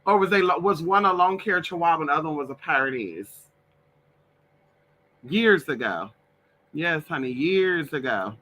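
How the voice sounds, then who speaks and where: A man's voice: fairly high pitch, expressive, normal speed, long pauses, background noise. A man chatting casually and playfully on a live stream, talking to his pets and his viewers. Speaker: vlogger doing a live stream.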